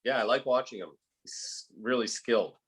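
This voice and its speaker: A man's voice: mid-range voice, moderate pace, a bit bright. A man co-hosting a casual sports podcast, mostly chiming in with short agreeable replies. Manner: brief agreeable interjections. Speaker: podcast co-host.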